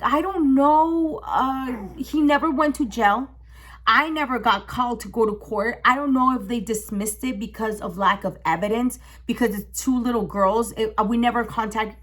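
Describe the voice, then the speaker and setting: A young woman telling a storytime on her vlog, emotional and animated, swearing freely. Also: fairly high pitch. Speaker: vlogger. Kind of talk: casual storytime.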